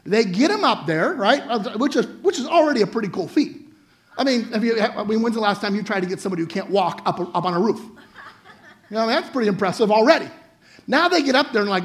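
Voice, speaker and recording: A young man preaching a guest sermon in a chatty, animated way, often checking in with the listeners. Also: high voice, brisk. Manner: animated, chatty, asks the audience "right?" often.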